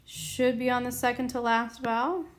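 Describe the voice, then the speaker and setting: A woman's voice: fairly high pitch, steady tone, normal speed, slight background noise. A woman teaching a language grammar lesson at a whiteboard, patient and explaining step by step. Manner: patient, explains step by step, often asks "okay?". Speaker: Spanish teacher.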